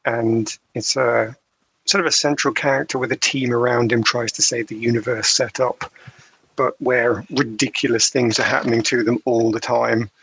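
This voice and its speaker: Husky, gravelly man with a dry delivery. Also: medium pitch, level tone, a bit bright, low-quality recording. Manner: dry, measured, thoughtful. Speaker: podcast co-host. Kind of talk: casual podcast discussion.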